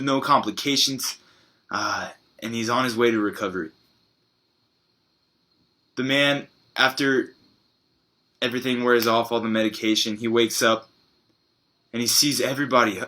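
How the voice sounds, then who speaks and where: A man preaching a sermon, telling a story in an earnest, halting way with pauses and fillers. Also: mid-range voice, sharp tone.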